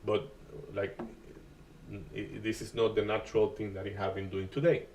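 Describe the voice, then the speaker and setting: A man hosting a live day-trading stream, talking through market moves in a halting way with many restarts and uneven grammar. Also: lowish voice, little pitch movement, distant mic, background noise. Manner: halting, restarts often, non-native grammar.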